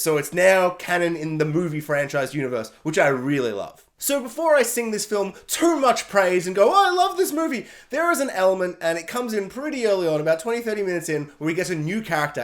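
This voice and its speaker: A man giving a casual, animated film review, emphatic and exasperated. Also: high-pitched.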